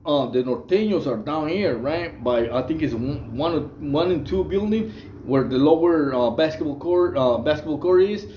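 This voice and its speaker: A man's voice: fairly high pitch, expressive, moderate pace, echoey room, lo-fi sound, a little hiss or hum. A man from Mexico, casually telling prison stories in a rambling way, full of fillers, restarts and slang. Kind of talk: casual storytelling monologue.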